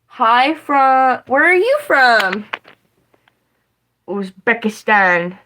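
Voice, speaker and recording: A woman's voice: medium pitch, a little slow, a bit bright, a little hiss or hum, poor audio. A young woman with a West Virginian accent, chatting casually and rambling on a livestream from her home kitchen, swearing freely as she talks to viewers.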